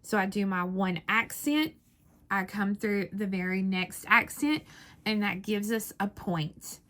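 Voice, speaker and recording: A woman's voice: mid-range voice, a little slow, a bit bright. A woman giving a patient, methodical step-by-step beading tutorial, counting beads aloud as she works. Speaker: beading instructor.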